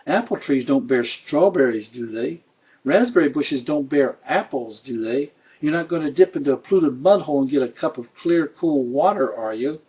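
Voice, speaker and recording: A man's voice: medium pitch, a little mellow, breathy edge. A middle-aged man teaching a Bible study in a folksy way, full of rhetorical questions.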